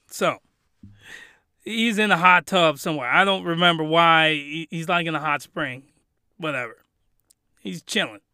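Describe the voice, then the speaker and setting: A young man tells a rambling comedic recap, animated and full of laughs. His voice sits fairly high and sounds very bright and sharp. The recording is close and dry. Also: smooth, no echo. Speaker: youtuber.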